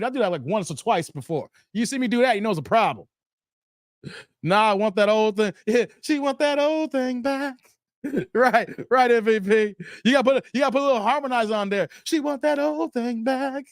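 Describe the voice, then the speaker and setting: A man's voice: high voice, no echo, studio quality. A man hosting a live stream, reacting to videos and reading chat comments aloud, laughing often and riffing animatedly.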